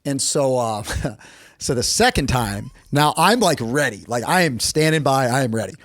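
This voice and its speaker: This dry recording captures a middle-aged American man talking at normal speed as a podcast guest. He tells a casual story with animation, acting out the quotes through sudden pitch jumps.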